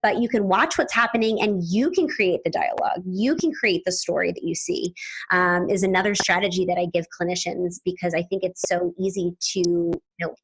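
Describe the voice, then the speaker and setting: A woman hosting a podcast interview, upbeat and chatty, quick to laugh. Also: fairly low pitch, breathy edge. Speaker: podcast host.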